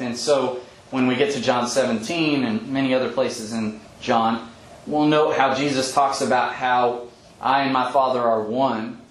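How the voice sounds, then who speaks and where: Male bible teacher, mid pitch, explanatory and unhurried, echoey room. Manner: thoughtful, explanatory, with frequent ums and restarts. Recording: echoey room with faint background hum.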